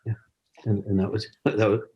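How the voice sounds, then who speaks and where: A man's voice: lowish voice, little pitch movement, moderate pace, warm tone, muffled recording. Male science educator, online workshop host; encouraging, chatty, video-call sound. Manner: encouraging, chatty, reads chat messages aloud. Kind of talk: friendly teaching over a video call.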